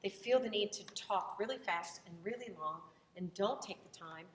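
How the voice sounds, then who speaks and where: A woman's voice: medium pitch, a little hiss or hum. Southern woman teaching in an echoey room. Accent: Southern American. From American South. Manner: conversational, unhurried, with frequent fillers and restarts. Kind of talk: recorded lecture. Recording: echoey room, voice from far off the mic.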